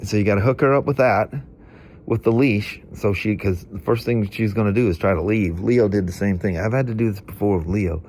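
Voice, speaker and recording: A man's voice: on the low side, brisk, darkish tone, a little hiss or hum. A middle-aged man vlogging, a stuffy-nosed storyteller with a chatty, folksy manner who rambles and laughs through his stories. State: congested from hay fever.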